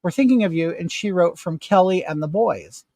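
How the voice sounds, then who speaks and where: A man's voice: high voice, normal speed, no room sound. A middle-aged man casually telling an indignant personal story to the camera while doing his makeup. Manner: animated, indignant retelling with rising emphasis. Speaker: vlogger.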